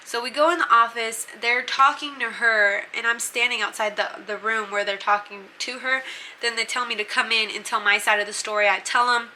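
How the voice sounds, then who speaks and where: A woman's voice: a little high, steady tone, brisk, sharp tone, a little hiss or hum, rough recording. A young woman telling a story to her channel in a casual, chatty way, swearing freely and using plenty of fillers. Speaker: vlogger.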